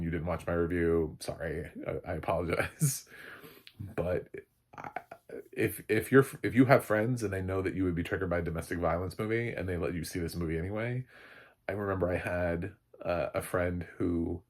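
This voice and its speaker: A man with a low, husky voice talks through a casual movie review. He rambles, swears without a second thought and bursts out laughing at his own rants. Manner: rambling, blunt, swears freely, laughs loudly.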